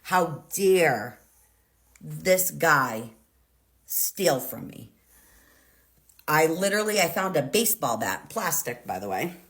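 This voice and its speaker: A woman telling an intense personal story in a storytime vlog, dramatic and full of swearing. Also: low-pitched. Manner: intense, profane, dramatic retelling. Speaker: storyteller vlogger.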